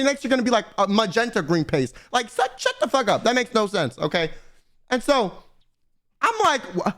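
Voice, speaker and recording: Young guy streamer, profane animated storyteller, bright high pitch, very lively delivery. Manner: animated ranting storytelling, heavy swearing. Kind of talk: casual chat to stream chat.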